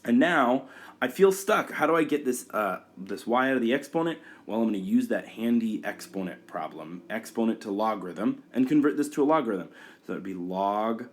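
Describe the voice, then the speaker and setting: A man's voice: fairly low pitch, expressive, brisk. A man walking through a whiteboard math tutorial, talking each step aloud with fillers and restarts. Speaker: math teacher.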